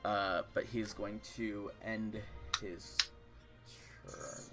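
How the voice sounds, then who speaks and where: A young man narrating as dungeon master, describing the fight in lively detail and calling for rolls. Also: fairly low pitch, drawn-out words, loud music behind the voice. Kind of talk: narrating a tabletop game.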